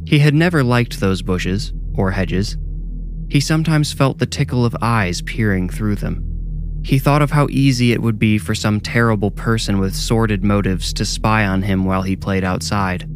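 Low-voiced man narrating horror.

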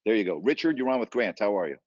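Sports radio guy ranting, kinda low voice, dry dull lo-fi sound. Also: big pitch swings, quick pace, a little mellow, no room sound. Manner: exasperated, emphatic, ranting. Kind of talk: sports talk radio rant.

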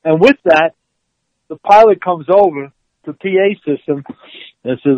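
A man tells an animated story in a fairly high voice, laughing and acting out the quotes. The sound is dry and a bit dull. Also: unhurried, long pauses, dry recording. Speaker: former player telling stories. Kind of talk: storytelling interview.

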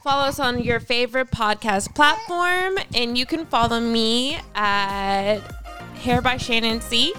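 A woman's voice: fairly high pitch, measured pace, sharp tone, faint music behind. A woman in her thirties co-hosting a podcast, telling a heartfelt story in an open, chatty way. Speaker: podcast co-host. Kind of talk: casual chat.

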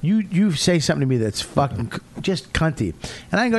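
Profane Boston comedian, lively delivery. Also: male voice, fairly high pitch, quick pace. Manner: profane, animated storytelling with acted-out quotes. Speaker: comedian guest. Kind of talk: casual podcast chat.

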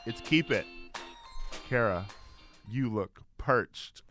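A man hosting a podcast, playful and quick with campy quips. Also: medium pitch, animated, a bit bright, faint music behind. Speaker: podcast host. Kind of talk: casual chat.

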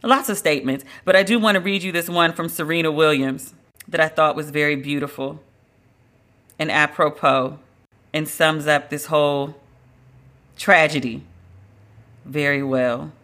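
A podcast host giving solo celebrity-news commentary in a dramatic, emphatic, slangy and profane way, with drawn-out exclamations. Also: mid-range voice, steady tone, bright, forceful tone.

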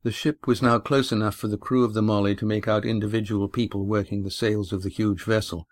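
A man narrating a sailing adventure audiobook in an even, steady reading. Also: on the low side, brisk, dry recording.

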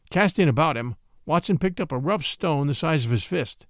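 Lively expressive male storyteller. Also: a little high, moderate pace, hardly any pauses, dry recording, studio quality. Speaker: narrator. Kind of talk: audiobook narration.

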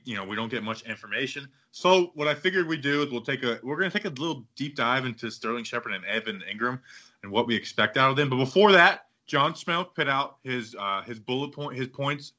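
A man hosting a casual sports podcast, talking in a rambling, excitable way and acting out other people's quotes. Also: medium pitch, fairly quick. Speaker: podcast host.

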